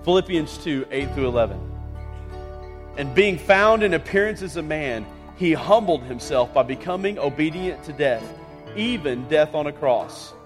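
A man's voice: a little high, animated, normal speed, soft background music. A man preaching a sermon as pastor, earnest and rising to impassioned reading of scripture.

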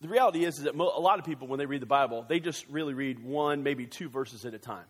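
A male pastor preaching a sermon in a church, animated and joking, with quick excited bursts. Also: medium pitch, slightly rough, big-room sound.

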